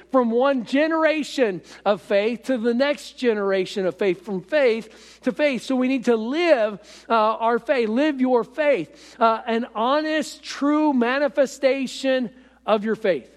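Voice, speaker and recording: Pastor, male, high voice, halting delivery full of fillers, recorded in an echoey hall. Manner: halting, with many fillers and repeated phrases. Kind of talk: sermon.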